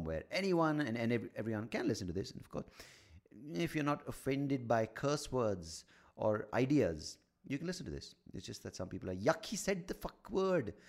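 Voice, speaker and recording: A man hosting a solo comedy podcast, rambling, swearing and mocking himself as he thinks out loud into a studio mic at home. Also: on the low side, creaky. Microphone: studio microphone.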